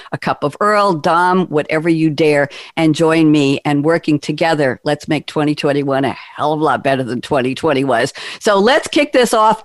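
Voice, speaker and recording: Lively woman hosting a radio talk show. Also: fairly low pitch, no room sound, clean studio sound. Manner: lively, playful asides. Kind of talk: upbeat scripted show opening.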